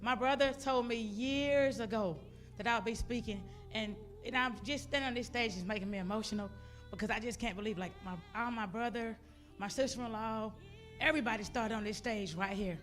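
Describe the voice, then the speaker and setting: A woman giving an emotional, loud motivational talk as a guest speaker on a church stage. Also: on the high side, a little fast, soft background music. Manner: loud, exuberant, emotional testimony to a crowd. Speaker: guest speaker, business owner.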